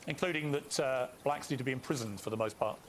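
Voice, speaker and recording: Quick, probing male interviewer. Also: medium pitch, a little hiss or hum. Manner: calm, probing questions. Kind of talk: broadcast interview.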